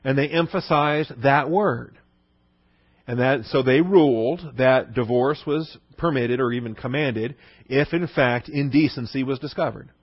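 A man's voice: mid-range voice, a little slow, slightly rough, dry recording, highs cut off. A man teaching a Bible lesson in a conversational sermon style, often asking the listeners "okay?". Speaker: pastor.

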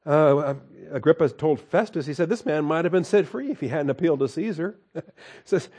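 A man's voice: on the high side, animated, normal speed, gravelly, darkish tone, breathy edge. A man teaching a Bible study in a folksy, conversational way, reading scripture aloud and breaking off to comment with a chuckle.

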